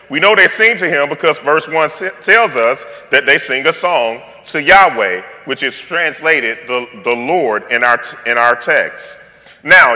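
Man, pastor, sermon, very bright voice, conversational and playful, long hall reverb. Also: a little high. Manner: playful, conversational preaching with slang and asides.

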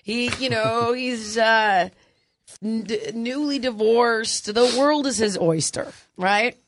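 A woman's voice: on the high side, slow, noisy background. A woman in her forties, a podcast host, telling a crude, funny family story in casual chat, laughing often. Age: 40s. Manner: animated, laughing, crude humor.

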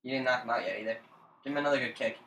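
A man co-hosting a casual gaming podcast, teasing his friend, swearing often and breaking into loud laughter. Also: mid-range voice, racing. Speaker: podcast co-host. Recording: echoey room, faint noise.

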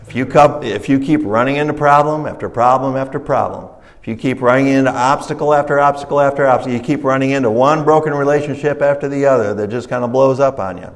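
Guy preaching at a recovery meeting, chatty and folksy, mid-pitch, tells little stories. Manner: conversational storytelling, rising with emphasis; folksy, acts out characters in stories. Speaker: pastor leading a recovery ministry. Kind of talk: sermon.

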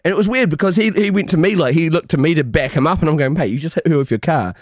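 A man's voice: on the high side, racing, no echo, studio quality. Giggly man telling a story. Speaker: podcast co-host. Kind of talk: casual drunk banter.

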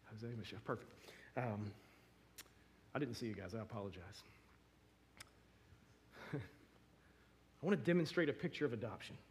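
A man's voice: fairly low pitch, expressive, normal speed, pauses often, slight background noise. A man in his thirties or forties, a pastor preaching a sermon, telling emotional stories with many restarts.

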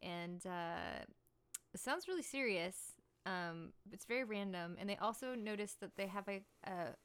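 A woman's voice: mid-range voice, expressive, a little slow, a bit bright, clear, resonant tone. A young woman hosting a podcast, telling stories in a playful, rambling, giggly way. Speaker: podcast host and musician. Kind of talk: casual chat.

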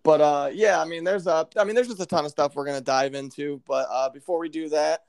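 A man hosting a podcast, talking in loose, rambling casual chat that is full of fillers and swearing. His voice sits a little high for a man and comes through smooth and resonant. The sound is dry and close, with no room around it. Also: steady tone, a little fast, a little mellow, no room sound. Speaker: podcast host.

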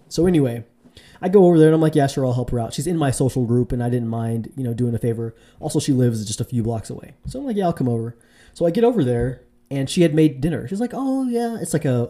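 A man casually telling a dating story to camera, rambling with fillers and restarts. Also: warm tone. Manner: rambling, full of fillers and restarts, mimics women in a high voice. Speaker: vlogger giving dating advice.

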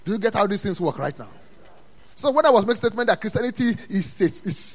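A man preaching a sermon in a church, dropping to quiet asides and then rising to loud, emphatic calls. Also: high-pitched, expressive, quick pace, husky. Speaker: pastor.

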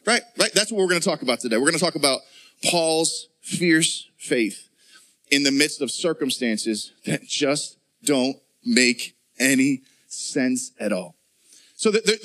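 A male pastor from Pittsburgh delivers an animated sermon. His voice sits high and rings bright and forceful. He leads the room in call-and-response and acts out the voices he paraphrases. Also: moderate pace.

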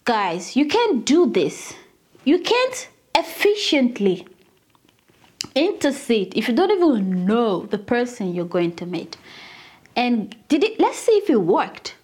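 A woman teaching scripture in a casual, chatty way, with a high voice that swoops widely up and down. She keeps addressing her listeners as "guys" and acts out Bible scenes as she goes. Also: sing-song, slow, darkish tone, husky. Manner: dramatizes scripture with acted quotes.

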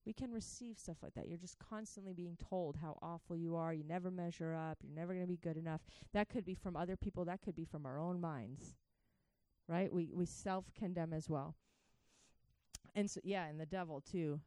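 A woman preaching a sermon, swinging from hushed to joyfully shouting and talking straight to her listeners. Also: lowish voice, normal speed, clean tone, no room sound. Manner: laughs between points, speaks to listeners as guys.

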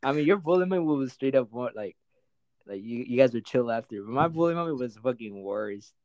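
A young man telling a childhood story in quick, casual, profane slang full of fillers. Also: mid-range voice, lively intonation, darkish tone, no room sound.

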